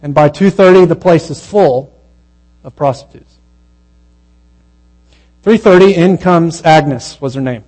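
A man preaching a sermon, telling a story in a conversational way and dropping to a hushed, slow voice at its tender moments. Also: on the high side, low-quality recording.

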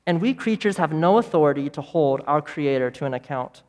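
A man preaching a sermon as pastor, emphatic, with repeated phrases and dramatic pauses. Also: fairly high pitch, expressive, darkish tone. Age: adult parent of young children.

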